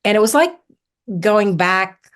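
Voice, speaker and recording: A woman from southern Ohio, a guest on a podcast, telling stories in an animated, chatty way with many fillers. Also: mid-range voice, slow. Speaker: herbalist guest. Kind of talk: casual storytelling interview.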